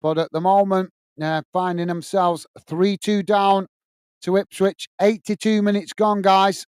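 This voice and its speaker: A man's voice: high voice, little pitch movement, unhurried, clear, resonant tone, no echo, studio quality. A man from England hosting a live football watch-along, commentating on play and reading out viewers' messages in a chatty, friendly way. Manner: chatty, thanks viewers by name, calls them mate.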